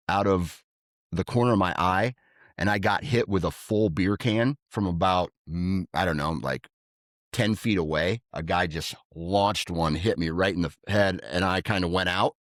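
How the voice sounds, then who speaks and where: A man's voice: low-pitched, dry recording, studio quality. A man co-hosting a podcast, telling stories casually and acting out what people said in a raised voice. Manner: animated, acts out quotes in a raised voice. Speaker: podcast co-host. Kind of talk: casual storytelling.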